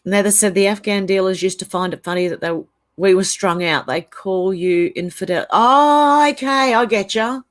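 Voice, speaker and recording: This Australian channel host speaks at an ordinary pace with a mid-range voice. She's running a laid-back livestream, reading comments from viewers and wandering through her reactions.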